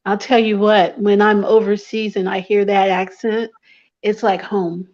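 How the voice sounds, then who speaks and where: A woman's voice: medium pitch, little pitch movement, measured pace, a little mellow. Affirming woman on dull lo-fi audio. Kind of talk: casual group chat.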